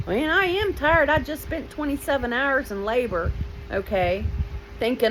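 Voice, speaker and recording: This time the woman in her fifties sits high in pitch and talks at normal speed as she shares a personal story. Her delivery is lively and blunt, with emotional asides to the listener, on a low-quality recording.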